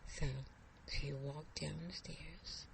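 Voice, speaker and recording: Gravelly woman telling a story. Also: deep voice, steady tone, slow, noisy background. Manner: hushed, suspenseful delivery. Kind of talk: storytelling narration.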